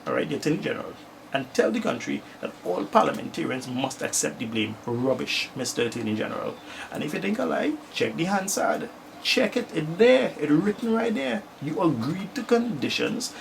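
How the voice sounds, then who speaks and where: A man's voice: on the high side, vocal fry, a little hiss or hum, rough recording. A Trinidadian man giving a self-recorded political rant, emphatic and repeating his points for stress. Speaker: political commentator.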